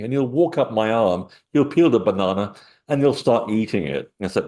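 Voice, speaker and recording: A middle-aged man with a lowish voice, speaking as an interview guest. He wanders from story to story and hesitates often. His delivery is easygoing and conversational. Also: very animated, brisk, a little mellow. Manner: rambling, anecdotal, many fillers. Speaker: author and guest. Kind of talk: casual interview talk.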